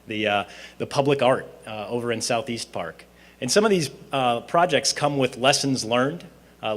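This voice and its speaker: A man's voice: mid-range voice, a bit bright. Brief: a man speaking informally at a student presentation, mid-range voice, rambling and conversational with many fillers. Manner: conversational, frequent fillers and restarts. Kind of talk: informal closing speech with storytelling. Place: event hall at a university presentation.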